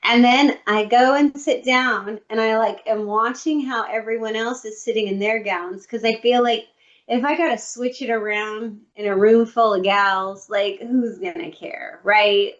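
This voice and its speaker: Higher-voiced woman telling a comic story. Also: steady tone, a little slow, dull audio. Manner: comic storytelling, acting out her own inner thoughts. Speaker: podcast co-host. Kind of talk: casual chat. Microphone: computer microphone on a video call.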